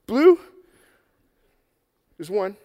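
A man telling a Bible story to children in a lively, playful way, acting it out and getting out of breath. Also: high-pitched, extremely slow, in a large hall, highs cut off. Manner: energetic, playful, acts out the story. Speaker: children's preacher. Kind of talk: animated Bible story for kids. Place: church hall with an audience.

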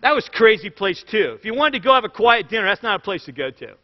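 A man preaching a sermon as pastor, telling stories with jokes in an animated way. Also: high-pitched, fast talker. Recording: echoey hall, dull lo-fi sound.

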